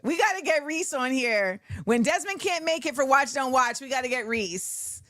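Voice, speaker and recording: A woman's voice: sits high, normal speed, no room sound, clean studio sound. A middle-aged woman hosting a talk show, chatting casually and animatedly. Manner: animated, chatty, laughs often.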